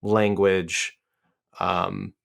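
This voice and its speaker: A man's voice: deep voice, flat delivery, drawn-out words, creaky, fairly bright tone. A man co-hosting a podcast panel, speaking in a thoughtful, plain way with frequent hesitations. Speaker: podcast co-host. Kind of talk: casual panel discussion.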